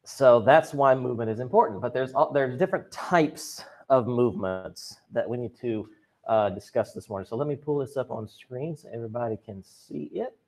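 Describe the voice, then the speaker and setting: Over a video call, a man leads a drama and chorus class, talking in a chatty, upbeat way and tossing jokes to his students. His voice sits in the mid range and moves at a moderate pace. The sound comes through a computer mic.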